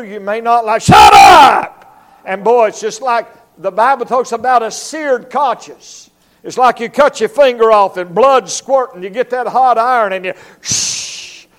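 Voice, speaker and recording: A man preaching a revival sermon as an evangelist in a church, emphatic and animated, acting out voices as he goes. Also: high voice. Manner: emphatic preaching, acts out voices and barking dog.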